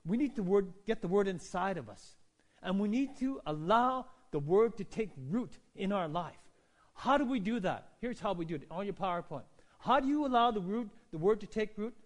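Animated high-voiced preacher man. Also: moderate pace. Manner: preaching with big swings from hushed to shouted; asks the congregation for agreement. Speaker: pastor. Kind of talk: sermon.

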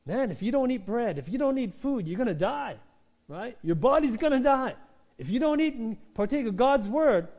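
A man delivers an animated church sermon in a slightly high voice. He talks to the congregation like a conversation, often asking "right?", then climbs to loud, emphatic peaks before dropping to quiet asides. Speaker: pastor.

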